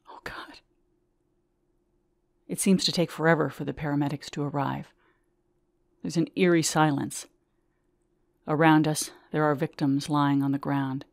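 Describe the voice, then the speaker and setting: A woman reading her own memoir aloud in measured, vivid first-person storytelling. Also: low-pitched, little pitch movement, gravelly, a little mellow, dry recording, clean studio sound.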